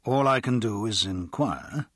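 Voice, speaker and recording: A man voicing a calm, discreet Victorian gentleman in an audiobook, speaking in a measured way. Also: fairly low pitch, no echo, clean studio sound. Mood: composed.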